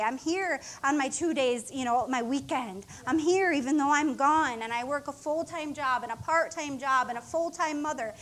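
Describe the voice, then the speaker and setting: A woman's voice: high voice, a bit bright. A middle-aged woman co-pastor preaching an emotional, heartfelt sermon with rising exclamations.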